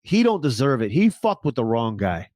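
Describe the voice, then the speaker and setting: A man co-hosting a casual comedy podcast, profane and deadpan, with mock-serious asides. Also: mid-range voice, moderate pace, no room sound, clean studio sound. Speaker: podcast co-host.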